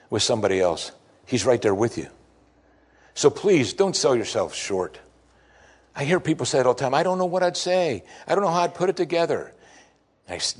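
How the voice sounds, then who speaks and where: A male pastor preaching a sermon, moving between quiet, reflective asides and sudden loud exclamations. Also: medium pitch, breathy edge.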